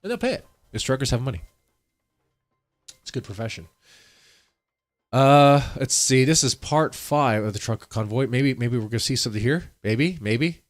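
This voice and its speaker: A man's voice: mid-range voice, normal speed, pauses often. A man hosting a casual live-stream reaction, rambling and repeating himself as he talks to his chat, congested from allergies.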